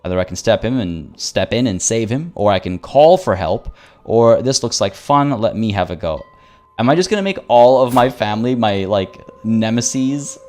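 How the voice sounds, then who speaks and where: A man's voice: fairly low pitch, expressive, moderate pace, darkish tone, faint music behind. A man streaming a strategy game, chatting playfully with his viewers, reading event text aloud, joking and often stumbling over and repeating his words. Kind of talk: live-stream gameplay commentary.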